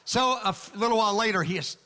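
High, bright-voiced preaching man. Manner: animated, acts out dialogue with quick asides. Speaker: pastor. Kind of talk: storytelling sermon.

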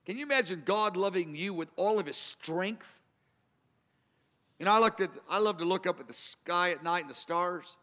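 A man's voice: high voice, moderate pace, fairly bright tone. A man preaching a sermon, earnest and emphatic, circling back to repeat his key phrases. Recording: long hall reverb.

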